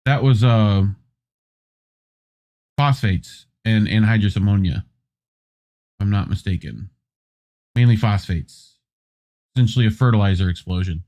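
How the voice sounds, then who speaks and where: Man, co-host, casual news commentary, slow drawling pace, rambling, swears in asides. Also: fairly low pitch, darkish tone. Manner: loose, rambling, profane asides.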